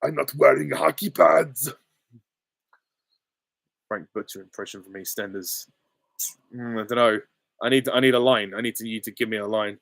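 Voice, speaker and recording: A man's voice: fairly low pitch, fairly even intonation, a little fast, a bit bright, no room sound, studio quality. A young adult man hosting a casual live Q&A, reading out chat questions and giving short, offhand, easygoing answers. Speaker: channel host.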